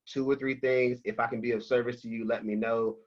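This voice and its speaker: A man talking about money on a video call, emphatic, slangy and energetic. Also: medium pitch, a little fast. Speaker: financial coach guest. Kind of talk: animated motivational talk on a video call. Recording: dull lo-fi call audio.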